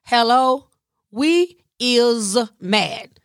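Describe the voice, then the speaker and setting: A Southern woman voicing her own sassy, cranky inner self that demands treats, with deliberately bad grammar. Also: a little high, expressive, no room sound, clean studio sound, voice pushed up, full character voice.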